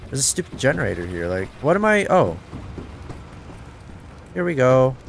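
Excitable lively-voiced man playing a game. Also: mid-range voice, moderate pace, creaky, slight background noise. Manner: excitable, talks to himself, swears, yelps in surprise. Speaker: gameplay commentator. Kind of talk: casual let's-play commentary.

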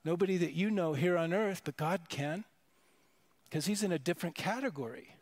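Earnest preaching man, slightly high voice. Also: moderate pace. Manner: earnest, emphatic preaching with repetitions and restarts. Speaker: pastor. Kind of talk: sermon. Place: church worship service.

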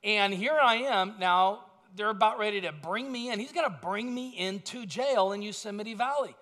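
A man's voice: sits high, moderate pace, bright, forceful tone. A man pastor giving a sermon in a conversational storytelling way, with self-deprecating asides.

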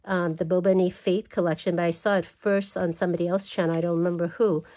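A woman's voice: fairly low pitch, little pitch movement, fast talker, dark tone. A woman vlogger gushing and exclaiming as she unboxes and flips through craft paper. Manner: gushing, exclaims over everything. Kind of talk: casual unboxing chat.

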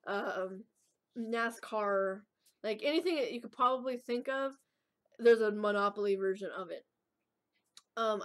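A woman hosting a casual gaming video, rambling with lots of fillers as she talks her choices through. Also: medium pitch. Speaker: gaming channel host. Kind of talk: casual thinking-aloud gameplay commentary.

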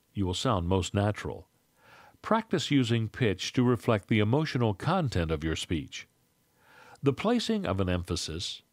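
A man reading a scripted lesson on public speaking in a measured, instructive way. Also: fairly low pitch, no echo.

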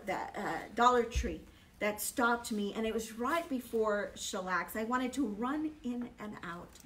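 A woman teaching a Bible study, telling a personal story, lively and emphatic, often checking in with "okay?". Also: a little high, recorded from a distance, slight background noise.

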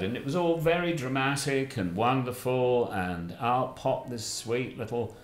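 A man's voice: mid-range voice, measured pace, hardly any pauses. Older man telling rambling stories. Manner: rambling, plummy, bursts into animated voices. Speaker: guest, father of the host. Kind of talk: anecdotal storytelling chat. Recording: roomy with faint music.

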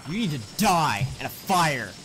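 A woman's voice: low-pitched, very animated, normal speed, fairly bright tone. A woman playing a video game with a friend, trash-talking her in a competitive, mock-hostile way. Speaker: let's play co-host. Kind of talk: casual gameplay commentary. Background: game music.

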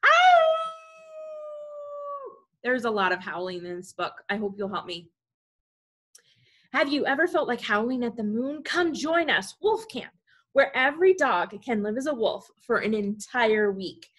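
Reading a picture book to preschoolers at a library storytime, a woman performs the story with animation and addresses the kids directly. Her pitch is slightly high and she keeps a moderate pace.

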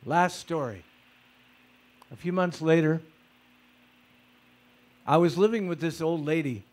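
Animated male storyteller, fairly high voice. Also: takes it slowly. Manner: animated storyteller who mimics footsteps with vocal sounds; conversational, with fillers and repeated starts. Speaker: speaker recounting personal stories. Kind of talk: storytelling lecture.

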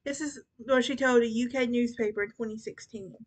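A woman's voice: on the high side, steady tone, a little fast. A young woman hosting a casual true crime podcast, chatty and often stumbling and restarting over names. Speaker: podcast host.

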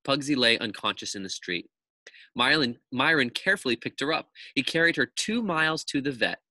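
A man, a teacher, reading a children's chapter book aloud to his class in a lively, expressive storytelling manner. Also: medium pitch, brisk, no echo.

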